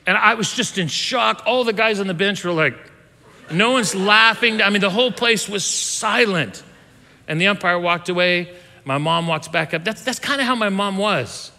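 A pastor in his fifties recounts a childhood story in an easygoing, conversational sermon style, interrupting himself and restarting sentences. His high, bright voice moves at a moderate pace, with long reverb trailing behind as in a big hall.

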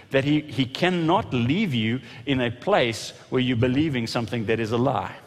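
Male pastor giving a sermon, lively, acts out what people say, big echoey church hall sound. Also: medium pitch. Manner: animated, acts out quoted voices.

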